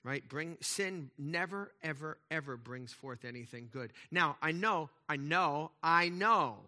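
A middle-aged male pastor with a somewhat high voice preaches a conversational sermon at a measured pace and with lively intonation. He poses rhetorical questions to the congregation and swings between loud and quiet passages.

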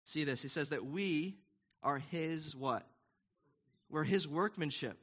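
A man's voice: on the high side, unhurried, fairly bright tone. A man preaching a sermon in an earnest, emphatic, conversational way, asking the congregation questions. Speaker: pastor.

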